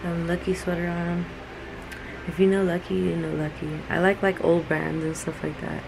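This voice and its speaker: A young woman from California with a Californian accent, chatting casually to her vlog camera in a relaxed, slangy way, full of "like". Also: on the low side, moderate pace, vocal fry, noisy background. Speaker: vlogger. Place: in a car, then a restaurant. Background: loud music.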